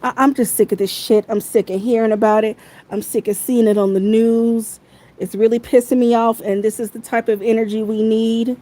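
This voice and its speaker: A woman's voice: on the high side, fairly even intonation, moderate pace, dark tone, poor audio. Furious profane woman ranting on a livestream. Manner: heated, profane, repeats phrases. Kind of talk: angry livestream rant.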